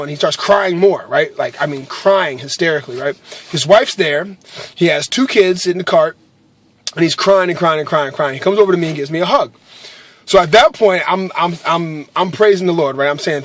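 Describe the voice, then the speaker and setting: A man's voice: fairly high pitch, lively intonation, moderate pace, fairly bright tone. A man telling a personal faith story to camera in earnest, casual chat, full of fillers and tag questions. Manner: earnest, with many fillers and repeated "right?". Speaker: vlogger sharing a faith story.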